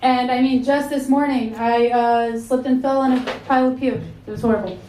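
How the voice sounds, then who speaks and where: A woman in her thirties performing a stand-up comedy set with a dry, deadpan delivery on a club stage, speaking into a handheld mic. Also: sits high, a little fast. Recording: echoey club with loud audience laughter.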